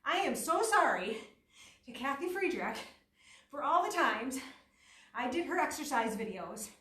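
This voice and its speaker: Woman fitness instructor, high voice, echoey room, off-mic. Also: sing-song, measured pace, fairly bright tone, far from the mic. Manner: chatty, self-deprecating, talks while exercising. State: out of breath at times. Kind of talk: instructing a workout class.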